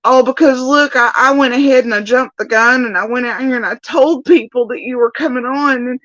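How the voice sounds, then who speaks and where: A woman mockingly imitating a whiny, manipulative woman streamer in a shrill, pleading voice. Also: a little fast, fairly bright tone, dry recording, dull audio. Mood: mocking whine. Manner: sarcastic mimicry.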